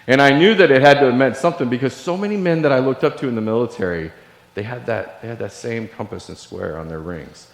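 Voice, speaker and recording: A man's voice: mid-range voice, quick pace. A middle-aged man from Illinois, a Navy veteran giving a keynote speech and telling a personal story in an earnest, confessional way. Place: large hall. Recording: echoey hall with long reverb.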